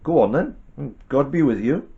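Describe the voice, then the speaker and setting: A man's voice: mid-range voice, sing-song, moderate pace, creaky, narrow, tinny audio, pitched above the performer's own voice. A man voicing a tall, doubtful king in a storybook reading, with a hesitant, grudging manner.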